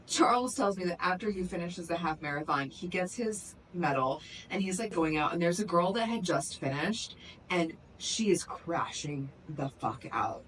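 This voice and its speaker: A young woman co-hosts a casual podcast, telling long rambling stories packed with "like." Her voice sits a little low, and she is picked up from a short distance, with a faint hiss of noise in the room. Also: lively intonation, moderate pace, fairly bright tone. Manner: chatty storyteller, heavy use of "like". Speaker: podcast co-host. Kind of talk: casual chat.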